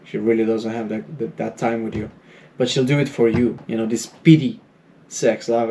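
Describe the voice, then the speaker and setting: A man's voice: mid-range voice, little pitch movement, normal speed, dark tone, slight background noise. Man giving rambling dating advice. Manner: rambling, repeats fillers like "you know"; acts out little quoted dialogues. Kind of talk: casual advice monologue.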